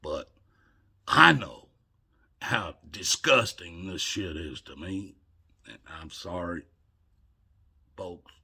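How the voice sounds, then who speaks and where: An older man delivering an emotional, scolding monologue to camera, swinging between loud outbursts and hushed murmurs. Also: low voice, lively intonation, slow pace, gravelly, pauses often, slightly rough. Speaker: video blogger.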